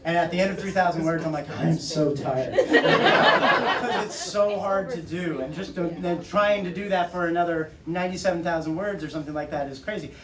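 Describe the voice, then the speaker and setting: A man with a slightly high voice tells stories to a bookstore audience, laughing often and acting out the lines of other people. The recording is roomy and distant, with light hiss. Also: a little fast, few pauses. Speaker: author at a bookstore talk. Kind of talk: casual storytelling to an audience. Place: bookstore event room. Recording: roomy audio from far off.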